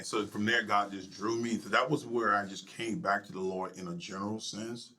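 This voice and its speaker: A middle-aged male pastor telling his personal story in an interview, emotional and halting, sometimes dropping to a near whisper. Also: on the low side, steady tone, pushed and bright. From United States.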